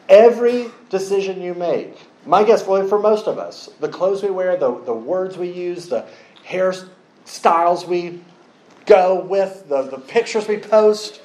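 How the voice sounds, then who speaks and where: A man preaching a sermon, telling a story with lively acted-out quotes. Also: on the high side, roomy sound, low-quality recording. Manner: animated storytelling, acts out quoted voices.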